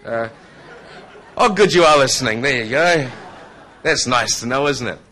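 A man's voice: medium pitch, expressive, normal speed, pushed and bright. A man in his thirties, born in Scotland, with a New Zealand accent, giving a conversational testimony talk to a live audience with jokey asides. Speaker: speaker.

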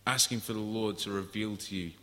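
A man's voice: on the low side, fairly even intonation, fairly quick, a bit bright. A man preaching a sermon in an earnest, storytelling way, often restarting his phrases. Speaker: pastor. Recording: echoey hall.

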